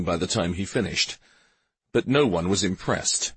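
A man narrating a fantasy story as an audiobook in a slow, expressive way. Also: low voice, slightly rough, no room sound.

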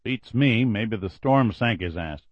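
A man playing a gruff, tired Coast Guard petty officer with a growling, blunt delivery. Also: fairly low pitch, expressive, unhurried, dry recording, highs cut off.

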